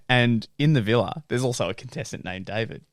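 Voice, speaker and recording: A young man co-hosting a podcast, telling stories in an animated way, laughing and swearing casually. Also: mid-range voice, fairly quick, dry recording, studio quality. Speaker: podcast co-host. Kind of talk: casual chat.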